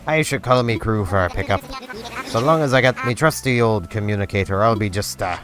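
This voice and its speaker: A man's voice: lowish voice, brisk, lightly acted. A man voicing a blustering male pirate seagull castaway, reading game dialogue in a hammy, theatrical pirate voice. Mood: hearty. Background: game music.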